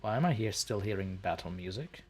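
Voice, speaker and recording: A man's voice: fairly low pitch, lively intonation, brisk, breathy edge, faint music behind. A man hosting a let's play, joking and sarcastic as he talks to the creatures in the game. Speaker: gaming channel host.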